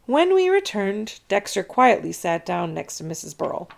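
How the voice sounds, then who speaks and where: A woman reading a children's chapter book aloud, narrating with expressive storytelling. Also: medium pitch, moderate pace, creaky.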